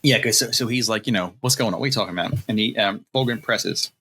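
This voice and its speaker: A man's voice: fairly low pitch, fast, pushed and bright, a little hiss or hum, low-quality recording. A man co-hosting a podcast, retelling a novel's scenes in loose casual chat and acting out the quotes with plenty of laughter. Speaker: podcast co-host.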